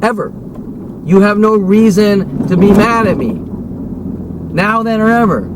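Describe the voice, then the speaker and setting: Speaking slowly in a high voice, a man vents to camera as a vlogger in an unplanned, agitated tirade. It rambles, circles back on itself and is full of swearing, with traffic noise cluttering the recording.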